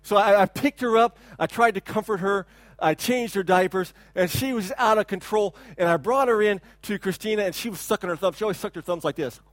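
A man in his thirties preaching a sermon as a pastor, talking in a loose conversational way with repeated words and sudden loud bursts when he imitates a child. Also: high voice, a little fast, no echo. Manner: animated preaching, shouts to imitate a crying child. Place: church hall.

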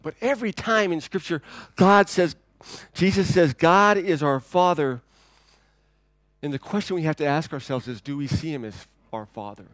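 Male pastor preaching a sermon, conversational, shifts from loud emphasis to near-whispers; a bit high-pitched, dry sound. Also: expressive, brisk, few pauses, no echo. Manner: conversational and dynamic, swinging from loud to hushed.

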